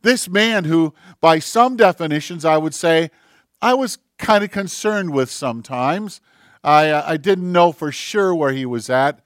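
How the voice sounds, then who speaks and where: A man's voice: on the high side, measured pace, no room sound, studio quality. Impassioned male pastor, dropping to whispers. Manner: impassioned, swings from loud emphasis to near-whispers. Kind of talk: sermon.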